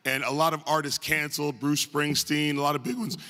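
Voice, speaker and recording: A man's voice: a little high, steady tone, bright, forceful tone. Joking man speaking in a reverberant hall. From northern United States. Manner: joking, self-deprecating, chatty with quick asides. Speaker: guest speaker at a tribute event. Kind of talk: humorous anecdotal speech to a live audience. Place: large arts center auditorium.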